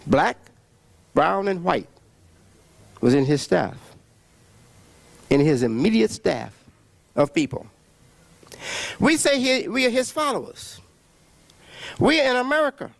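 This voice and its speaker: A man giving a preaching religious lecture, emphatic, with long pauses and repeated words. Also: sits high, big pitch swings, gravelly, no room sound. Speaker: religious speaker.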